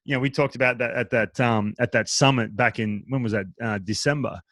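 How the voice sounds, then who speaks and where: A man's voice: medium pitch, steady tone, a little fast, fairly bright tone, no room sound. A man hosting a casual interview, chatty and telling stories with quoted asides. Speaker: podcast host, former pitcher.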